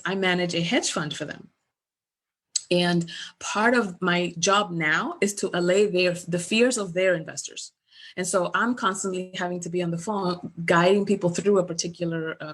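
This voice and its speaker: Middle-aged woman, business coach, chatty webinar delivery on a webcam, animated storyteller. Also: medium pitch. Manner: animated storyteller, acts out remembered dialogue. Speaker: business coach presenting at a virtual summit. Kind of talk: conversational webinar presentation.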